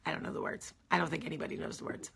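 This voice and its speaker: A middle-aged woman hosting her own vlog, telling a story in an excited, rambling way with many asides. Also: low-pitched, racing, creaky, a little hiss or hum. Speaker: vlog host. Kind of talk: casual chat to camera.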